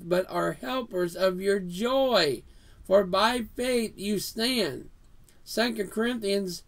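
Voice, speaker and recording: A man preaching an earnest sermon in a house of worship, reading scripture verses aloud. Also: sits high.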